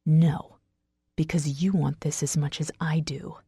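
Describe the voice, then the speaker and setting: A woman voicing a brooding, intense estranged husband who growls his lines in a low, rough, pressing way. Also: normal speed, darkish tone, dry recording, studio quality, natural voice. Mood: low murmur. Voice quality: raspy, growling.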